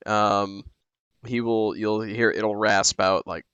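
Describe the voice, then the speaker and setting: Bright-voiced, unhurried male game master. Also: on the low side, level tone, clean tone, no room sound. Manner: hesitant, laughs a lot. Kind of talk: running a tabletop game, casual.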